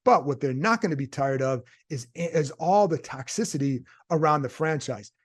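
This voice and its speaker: Guy reporter thinking out loud on his podcast, lots of "can he? i don't know" questions, voice sits a bit high. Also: animated, normal speed, slightly rough. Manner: conversational, thinks aloud with rhetorical questions. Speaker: sports reporter and podcast host. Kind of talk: casual solo commentary.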